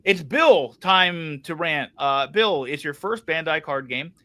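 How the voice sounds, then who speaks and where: A young man on a casual podcast, ranting with a steady stream of profanity. His slightly high voice swings widely in pitch. The tone is bright and sharp. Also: slow pace. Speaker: podcast co-host.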